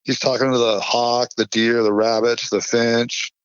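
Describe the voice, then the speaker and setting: A man's voice: medium pitch, flat delivery, measured pace, smooth, dry recording. A man from California, a podcast guest, telling a long anecdote in a rambling, filler-heavy way. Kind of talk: casual storytelling chat. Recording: dull lo-fi dry podcast audio.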